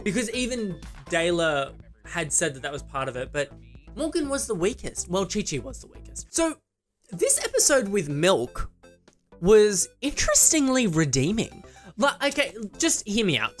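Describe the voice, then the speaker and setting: A young man giving a casual, rambling recap vlog, talking fast through tangents and asides. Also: sits high, fairly bright tone. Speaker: vlogger reviewing a TV episode.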